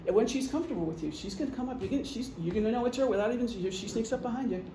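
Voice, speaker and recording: Middle-aged woman presenter, warm dark tone, joking and chatty, recorded in an echoey room. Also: on the high side, rapid-fire, slight background noise. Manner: chatty, joking, acts out gestures. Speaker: presenter, retired police officer and veteran. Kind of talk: casual lecture.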